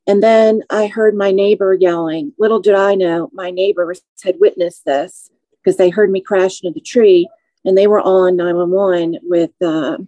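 A woman in her forties with a warm, mellow voice shares a personal testimony as a podcast guest. She speaks slowly and in measured phrases, with feeling. The sound is dry and close. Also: mid-range voice, fairly even intonation, dry recording, dull audio. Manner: measured, slow, emotional recounting.

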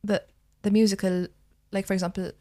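A woman's voice: mid-range voice, little pitch movement, a little fast, warm tone. A young woman from Malta with a Maltese accent, a drama student chatting casually on a podcast and using lots of fillers. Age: young adult. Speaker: drama school student guest.

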